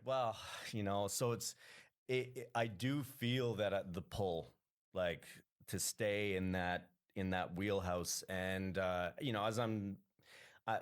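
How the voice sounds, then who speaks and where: A Canadian man, a comedian, talking casually as a podcast guest, rambling with many restarts. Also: deep voice.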